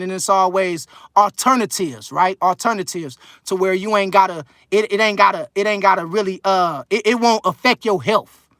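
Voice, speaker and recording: This man in his thirties hosts a casual live chat, reading viewers' messages in a slangy, rambling manner thick with fillers. His high voice sounds pushed and bright, recorded at studio quality with no room sound.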